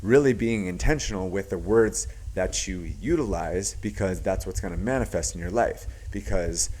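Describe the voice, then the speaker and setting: A man's voice: deep voice, moderate pace, darkish tone. A young man giving casual, reflective commentary as a podcast host, with lots of filler words and acted-out quotes. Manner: reflective, heavy use of filler words, acts out quoted voices.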